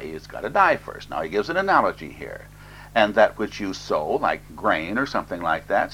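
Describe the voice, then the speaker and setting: A man's voice: low voice, very animated, moderate pace, a bit bright, slight background noise, rough recording. A man preaching an expository sermon, reading scripture aloud and then explaining it plainly, with fillers.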